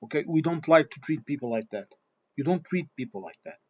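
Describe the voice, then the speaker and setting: A man's voice: a little high, expressive, fairly quick, a little mellow. Blunt, swearing man on a dull recording. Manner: blunt, swearing, repeats himself. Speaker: vlogger. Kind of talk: opinion monologue.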